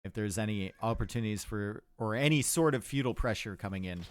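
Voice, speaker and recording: This game caster has a fairly low-pitched voice, talks a little fast, and there's a bit of hiss or hum in the clip. With a Canadian accent, he keeps up cheerful, talkative live commentary on a strategy match and responds to his chat.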